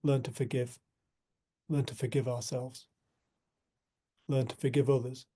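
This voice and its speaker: A man's voice: medium pitch, level tone, a little hiss or hum. A man giving an earnest, reflective spiritual talk to a community group, telling a personal story. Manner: earnest, storytelling, soft and slow at times.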